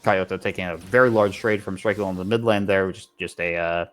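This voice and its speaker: Low-voiced guy casting a game, play-by-play, lots of repeats and restarts. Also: fairly even intonation. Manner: rapid play-by-play with frequent restarts and repeated words. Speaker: esports caster. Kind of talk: play-by-play commentary.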